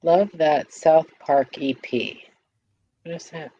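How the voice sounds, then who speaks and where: A woman's voice: deep voice, takes it slowly, dark tone, breathy edge, lo-fi sound. A woman hosting a casual live morning stream, playful and giggly, repeating words and reading chat comments aloud.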